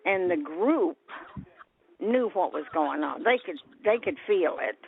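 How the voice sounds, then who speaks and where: A woman's voice: lowish voice, measured pace, gravelly, slight background noise. Older woman telling a story over a tinny line. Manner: lively storyteller who acts out quoted voices. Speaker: guest. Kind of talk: storytelling interview. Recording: tinny phone-like sound.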